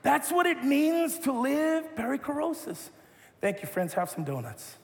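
High-voiced pastor in a reverberant hall. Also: male voice, measured pace, slight background noise. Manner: playful, joking with the audience; animated, rises to loud exhortation. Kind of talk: sermon with live object lesson. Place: large church hall.

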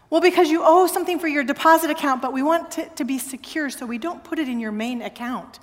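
A woman pastor preaching a sermon, telling a story with animated, emphatic exclamations. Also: high-pitched, fast, few pauses, long reverb tail. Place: church sanctuary.

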